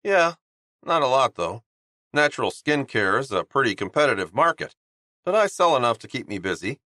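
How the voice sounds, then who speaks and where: A man's voice: medium pitch, big pitch swings, moderate pace, pushed and bright, no room sound, clean studio sound, pitched above the performer's own voice. A man voicing an upbeat, chatty young male hockey player in an audiobook. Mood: cheerful. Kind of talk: audiobook character voice.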